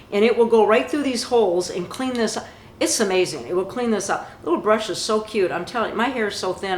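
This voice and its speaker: A woman's voice: mid-range voice, echoey room, slight background noise, low-quality recording. A woman hosting a home cooking video, chatty and enthusiastic as she walks through each step. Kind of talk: casual cooking demonstration.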